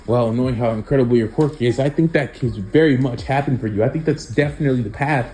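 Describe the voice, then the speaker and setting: Man voicing an easygoing middle-aged teacher, breezy, casual, mellow tone. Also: mid-range voice, quick pace, slight background noise, close to an everyday voice.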